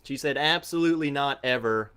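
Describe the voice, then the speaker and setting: A man's voice: medium pitch, a little fast, pushed and bright, clear, resonant tone. A man hosting a casual livestream chat, who laughs often and stumbles over his first words. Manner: laughs often, repeats words when starting. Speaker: livestream host.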